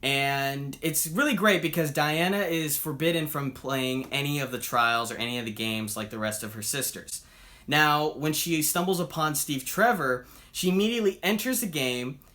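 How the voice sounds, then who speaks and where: Male reviewer, casual and upbeat, a bit high-pitched, bright tone, acts out quotes. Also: moderate pace. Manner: chatty, upbeat, acts out characters' lines while retelling. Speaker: comic book reviewer.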